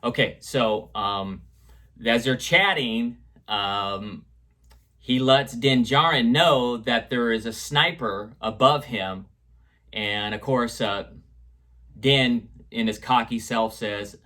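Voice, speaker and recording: A man's voice: fairly low pitch, takes it slowly, long pauses, bright, forceful tone. A man reviewing an episode in casual chat, rambling with fillers and restarts as he retells scenes. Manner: retells scenes and echoes quotes. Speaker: show reviewer.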